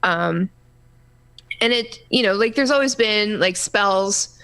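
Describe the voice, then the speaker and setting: A woman co-hosting a casual gaming podcast, talking in a rambling, halting way full of restarts and fillers. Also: mid-range voice, sharp tone, clean tone. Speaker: podcast co-host.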